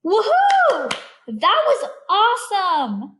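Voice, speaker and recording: A teenage girl playing an earnest, excitable young girl in a school play, eager and emotional. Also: very high-pitched, very slow, faint music behind, exaggerated voice. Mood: delighted. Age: teens.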